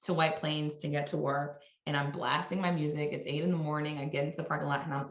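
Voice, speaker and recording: Low-voiced woman from New York. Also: flat delivery, fast talker, roomy sound, lo-fi sound. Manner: candid, conversational, many restarts. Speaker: guest, marketing executive. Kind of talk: podcast interview.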